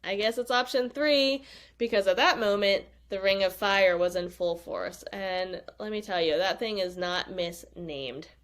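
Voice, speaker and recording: A woman's voice: medium pitch, unhurried. A woman, a podcast guest, telling a personal story in casual talk and acting out her own past lines. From United States.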